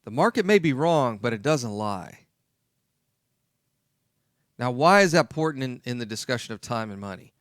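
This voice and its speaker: A man's voice: medium pitch, sing-song, normal speed, pauses often, no room sound, clean studio sound. A man hosting a talk radio show, speaking emphatically and repeating his key points.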